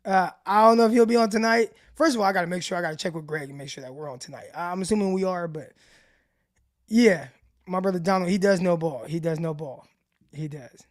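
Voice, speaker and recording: A man's voice: high-pitched, brisk, dry recording, studio quality. A man hosting a casual livestream sports show, talking loosely with frequent restarts and side tangents. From Stockton, California. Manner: rambling, loose, restarts sentences.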